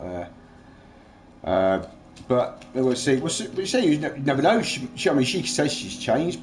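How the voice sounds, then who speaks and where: A man in casual chat, rambling and agitated, swearing freely as he vents. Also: mid-range voice. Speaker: livestream host.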